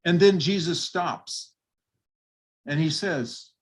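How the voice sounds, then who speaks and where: An older man preaching a sermon with a slightly high voice. He tells the Bible story vividly and steps into its people as he goes. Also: takes it slowly. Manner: vivid retelling with acted quotes.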